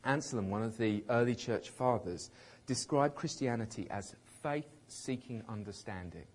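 A man preaching a sermon in a conversational, emphatic way, with a slightly husky voice, acting out quotes with light humour. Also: mid-range voice, normal speed.

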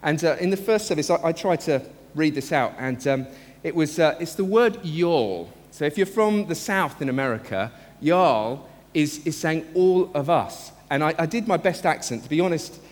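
A man preaching a sermon as a pastor, earnest and emphatic, slowing down to stress key phrases. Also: a little high, animated, big-room sound. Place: church.

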